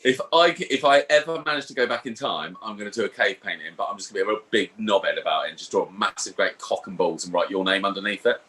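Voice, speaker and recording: Animated, sweary podcast host. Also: male voice, on the low side, quick pace, few pauses. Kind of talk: casual chat.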